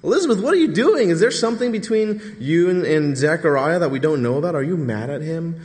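A man's voice: fairly high pitch, animated, quick pace, darkish tone, voice pushed up, natural voice. A man voicing a nosy, incredulous townsfolk neighbor who fires off prying, exasperated questions during a sermon. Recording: reverberant hall.

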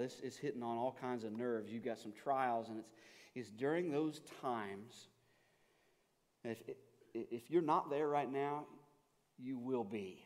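A pastor with a medium-pitched voice preaches a sermon earnestly, often stammering. He moves between loud, pleading passages and hushed, reflective ones, and the recording has long hall reverb.

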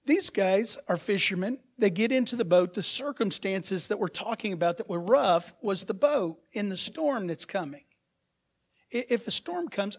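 A high-pitched man delivers a sermon as pastor, swinging from soft asides to loud, emphatic bursts while asking his congregation rhetorical questions.

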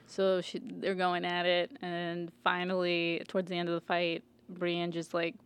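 A woman's voice: lowish voice, a little slow, clear, resonant tone. A woman in casual chat, animatedly retelling a TV plot and laughing often. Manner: animated storyteller, acts out characters, laughs often.

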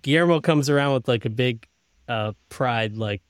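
A man with a smooth, resonant voice at middle pitch chats casually on a podcast and chuckles as he adds details. He sounds dry and close to the mic. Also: normal speed, no room sound. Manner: chuckling, adds details in loose run-on sentences. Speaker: podcast co-host. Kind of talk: casual episode recap chat.

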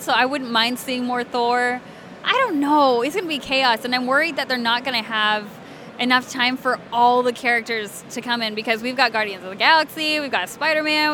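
In a casual interview, a woman from Alabama who works as a voice actress giggles a lot and uses many fillers in her bubbly way. She has a high, bright, forceful voice, and a little hiss or hum can be heard.

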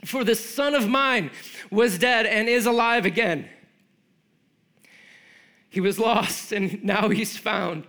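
A man's voice: takes it slowly, pauses often, heavily acted. A man voicing an overjoyed elderly father who calls out commands to welcome his lost son home. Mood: joyful. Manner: excited, exclaiming commands in a raised high voice. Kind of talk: dramatic scripture reading in a sermon.

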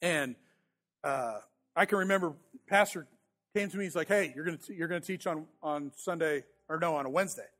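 Relaxed and conversational, a pastor in his thirties gives a sermon, telling a self-deprecating story about himself. His voice is high for a man and fairly quick, and he often restarts and repeats words.

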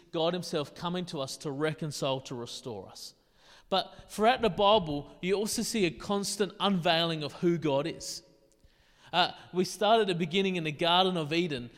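A man preaching a sermon in a casual, conversational way, with quick asides. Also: a little high, in a large hall. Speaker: pastor.

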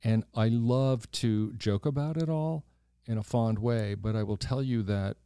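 A man hosting a podcast, telling stories in a gushing, animated casual chat. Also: medium pitch, unhurried, clear, resonant tone, no echo, clean studio sound. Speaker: podcast host.

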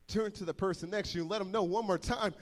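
A young man telling a dramatic, animated story in a sermon to a large audience in a church hall. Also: sits high, quick pace. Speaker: preacher. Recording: long hall reverb.

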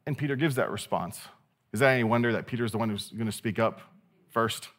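A man preaching a sermon as pastor, animated and conversational, with playful asides to his listeners. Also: medium pitch, fast.

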